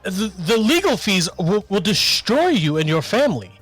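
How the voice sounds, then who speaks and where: A man's voice: sits high, sing-song, moderate pace, a bit bright, faint music behind, voice pushed up, full character voice. A man voicing a pushy, formal businessman pressing a family to sell. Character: smooth pushy male bank businessman.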